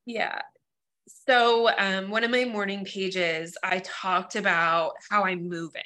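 A woman's voice: mid-range voice, fairly even intonation, slow, pushed and bright. A woman sharing her writing struggles in a group workshop, talking earnestly and emotionally with many fillers over a video call. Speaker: workshop participant. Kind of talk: casual group discussion.

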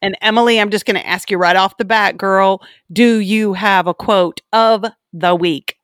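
A woman hosting a podcast in casual chat, playful and bubbly, with quick asides to her co-host. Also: mid-range voice, steady tone, a bit bright, clear, resonant tone, no echo, studio quality.

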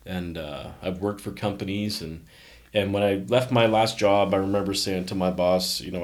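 A man's voice: deep voice, moderate pace. A middle-aged man from Canada, a company founder, telling stories in a casual interview and acting out the voices of people he quotes. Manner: animated anecdotes, acts out quoted voices.

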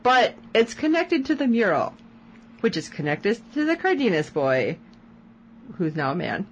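A woman's voice: medium pitch, measured pace, highs cut off, a little hiss or hum. Lady podcast cohost going over a tv episode, voice jumps all over the place. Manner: animated, retells scenes with quoted lines. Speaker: podcast co-host. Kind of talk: casual chat recapping a TV episode.

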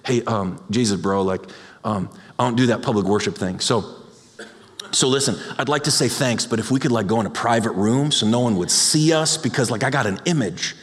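A man's voice: a little fast, close to an everyday voice. A man doing a mumbling image-conscious dude. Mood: sheepish. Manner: low, mumbling, slangy. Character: image-conscious young male churchgoer, casual and evasive. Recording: long hall reverb.

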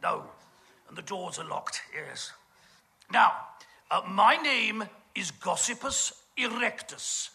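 A man's voice: sits high, animated, slow, creaky, sharp tone. A man with a British accent doing a camp, gossipy stage comedy monologue full of innuendo. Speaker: comic performer.

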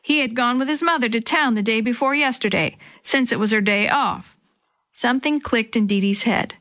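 A woman reading a children's storybook aloud in a gentle, even narration. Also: on the high side, moderate pace.

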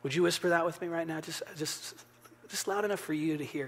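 A man preaching a sermon as pastor, earnest, rising to urgent emphasis and dropping to a hushed near-whisper. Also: on the high side, brisk, slight background noise. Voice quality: gravelly, husky. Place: church sanctuary.

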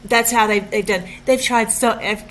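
A woman hosting a political commentary show, talking in an excited, emphatic way with frequent restarts. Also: fairly high pitch, normal speed, slight background noise. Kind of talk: casual commentary.

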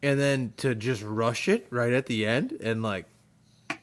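A man's voice: mid-range voice, steady tone, unhurried, slight background noise. A young man in casual podcast chat, ranting with enthusiasm about TV finales. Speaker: podcast co-host.

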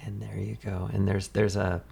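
A man's voice: on the low side, level tone, normal speed, dark tone. A man co-hosting a casual talk show, adding brief reflective comments and sayings. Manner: gravelly and husky, reflective interjections. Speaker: co-host. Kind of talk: casual chat.

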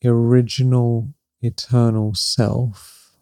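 A middle-aged man hosting a spiritual podcast, gently and reflectively coaching listeners, often checking in with "right?" and laughing softly. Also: medium pitch, level tone, takes it slowly, dry recording, studio quality. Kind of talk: spiritual teaching talk.

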